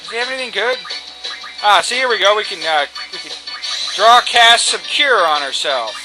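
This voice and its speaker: A man's voice: high-pitched, lively intonation, normal speed, rough recording. A man giving casual, cocky, joking commentary while playing a video game, swearing freely. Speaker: let's play commentator. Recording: game music behind.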